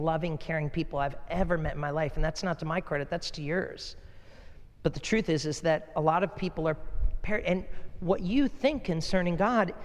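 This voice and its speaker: High-voiced male pastor preaching in an echoey church. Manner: animated storytelling, rises high when excited. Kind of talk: sermon.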